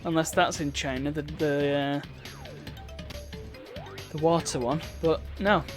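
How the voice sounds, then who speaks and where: A man's voice: fairly high pitch, steady tone, takes it slowly, over music. A man giving chatty, wry commentary while streaming a video game. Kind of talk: casual gameplay commentary.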